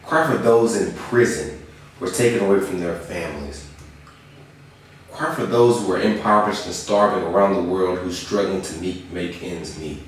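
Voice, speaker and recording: A young man in a dramatic spoken-word confession, earnest and moving between hushed and impassioned lines. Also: sits low, moderate pace. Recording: very echoey room, far from the mic, faint hiss.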